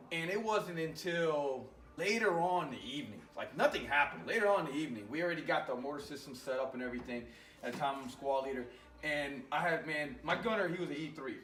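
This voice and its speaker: A man, an Army veteran, telling an animated, profane war story in casual conversation in a garage. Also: fairly high pitch, echoey room, distant mic.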